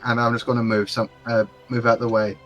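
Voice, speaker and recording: A man's voice: mid-range voice, little pitch movement, fairly quick, fairly bright tone, dull audio, soft background music. Hesitant man thinking through his turn. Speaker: player. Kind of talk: casual tabletop play.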